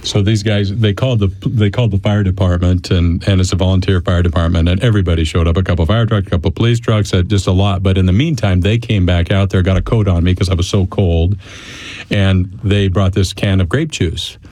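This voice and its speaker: A man's voice: low voice, steady tone, brisk, dark tone, no echo. A man casually telling a personal story to interviewers, chatty and full of asides to his listeners. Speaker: interview guest.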